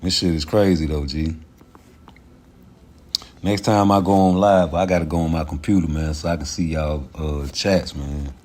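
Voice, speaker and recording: A man hosting a casual livestream, ranting in a profane, animated way and laughing often. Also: extremely low pitch, moderate pace. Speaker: livestream host.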